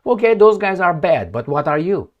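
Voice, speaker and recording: A man's voice: high voice, very animated, moderate pace, lo-fi sound. A man from Eastern Europe, a non-native English speaker, giving a heated, sarcastic political monologue while pointing at a map. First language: Romanian. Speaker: political commentator. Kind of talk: opinionated monologue.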